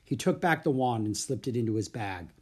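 An expressive storybook narrator whose voice is slightly husky and whose pitch moves about with lively variety. The reading is clear and steady. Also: fairly quick.

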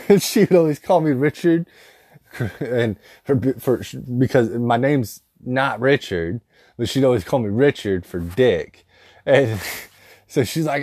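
A man's voice: mid-range voice, lively intonation, unhurried, darkish tone, no echo, studio quality. A man telling rambling, profanity-filled funny stories in a casual way, often laughing at his own tales. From rural dairy farm upbringing. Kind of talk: casual comedic storytelling.

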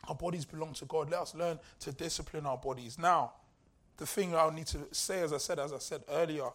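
A male pastor preaching a sermon in a conversational, humorous way, repeating key lines for emphasis. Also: fairly high pitch.

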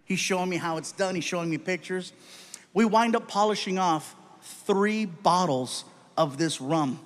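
Brief: male stand-up comic, lively and punchy, voice on the high side. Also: unhurried. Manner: animated, punchy delivery. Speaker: comedian. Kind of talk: stand-up comedy storytelling.

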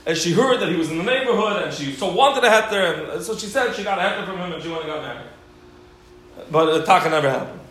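A man teaching a Torah class, telling stories in an animated way and acting out the voices he quotes. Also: sits high, fast. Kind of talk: Torah lecture with storytelling. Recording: very echoey room, faint background hiss.

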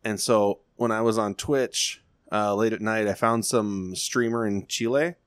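A man's voice: on the low side, a little slow, no echo, clean studio sound. A young man co-hosting a podcast, telling a long rambling story in casual chat, swearing a lot and acting out what people said. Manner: rambling storyteller, heavy swearing, lively quoted voices. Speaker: podcast co-host.

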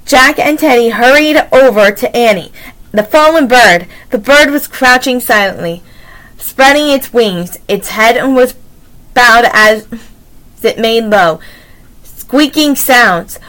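A woman reading a children's chapter book aloud, expressive, adding her own warm asides. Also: fairly high pitch, rough recording. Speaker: storybook reader.

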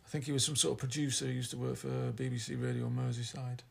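A man from Yorkshire co-hosts a podcast, chatting in a loose, teasing, rambling manner. He speaks quickly in a creaky, medium-pitched voice with a level tone.

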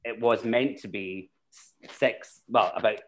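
A man's voice: lowish voice, steady tone, unhurried, fairly bright tone. A Scottish man, a drag performer and actor, talking casually and rambling through stories with many restarts. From Scotland. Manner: chatty, rambling, with frequent restarts. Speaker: guest, drag queen and actor. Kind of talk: casual chat.

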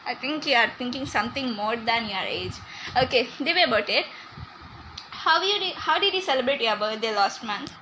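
A woman's voice: fairly high pitch, animated, normal speed, bright, forceful tone, slight background noise, poor audio. A young woman hosting a casual podcast, chatty and teasing, laughing often. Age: young adult. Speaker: podcast host.

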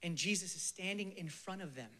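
A man preaching a sermon with passion, swinging from emphatic bursts to hushed near-whispers, and at times leading his listeners in slow, soft prayer. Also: high-pitched.

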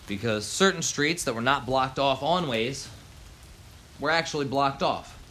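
Man, heated profane rant, bright tense voice, rain in background. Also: mid-range voice, a little slow, slight background noise. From Baltimore, USA. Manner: heated, swearing, slangy. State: angry. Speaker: local resident ranting.

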